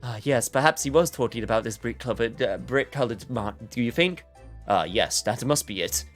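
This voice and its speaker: A man reading detective-game dialogue aloud and voicing its polite, calm characters in a soft, measured, formal way. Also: mid-range voice, soft background music, voice pushed down, natural voice. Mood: thoughtful.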